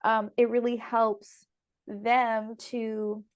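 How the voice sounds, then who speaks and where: A woman's voice: on the high side, level tone, very slow, muffled recording. A young woman hosting a casual spiritual podcast conversation, chatty and emotional, laughing often. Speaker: podcast host and medium.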